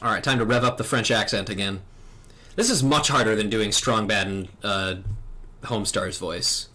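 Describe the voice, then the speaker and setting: A man's voice: fairly low pitch, normal speed, pushed and bright. Joking male game streamer. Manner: joking, self-deprecating. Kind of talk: casual game-reading stream.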